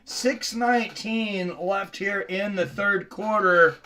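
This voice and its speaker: A man's voice: high-pitched, slow pace, pushed and bright. A man from the Seattle area hosting a live sports reaction stream, chatting casually with viewers between plays.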